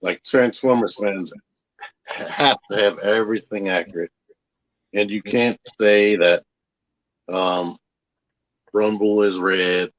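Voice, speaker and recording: A man speaking as a guest in a casual chat, relaxed and nonchalant, with dry sarcasm. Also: fairly low pitch, takes it slowly, long pauses, no echo. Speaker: guest creator. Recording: dull lo-fi audio.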